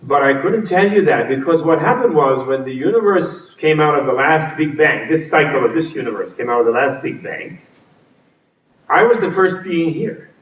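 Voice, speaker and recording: A man's voice: a little high, animated, normal speed, close to an everyday voice. A man voicing a frank, weary male creator god who admits he is unsure of himself, in a confiding, apologetic, joking way, heard from a distance in a roomy space.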